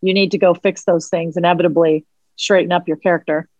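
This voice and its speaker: A woman's voice: on the low side, steady tone, brisk, darkish tone, dry recording, muffled recording. A playful woman chatting as a podcast guest over the phone, joking and laughing easily. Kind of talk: casual podcast chat. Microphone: phone call.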